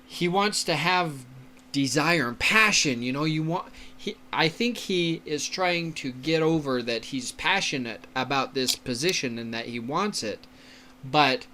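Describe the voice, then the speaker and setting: A man teaching a lesson on giving speeches, speaking at an unhurried pace in a bright voice. He keeps stopping to check in with his listeners and often laughs. Faint background noise sits under him. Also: on the high side. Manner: slow, explanatory, checks in with "okay?", laughs often. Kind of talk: lecture on public speaking.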